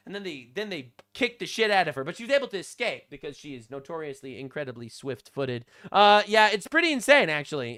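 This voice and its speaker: High, animated sarcastic male commentator. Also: fairly quick, few pauses, clear, resonant tone. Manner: mocking, deadpan sarcasm with frequent fillers. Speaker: commentary channel host.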